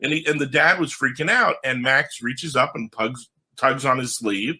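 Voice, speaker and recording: On a podcast, a comic book writer with a very bright, forceful voice recounts stories with real liveliness at a moderate pace. Whenever he quotes someone, his pitch jumps up as he performs their voice.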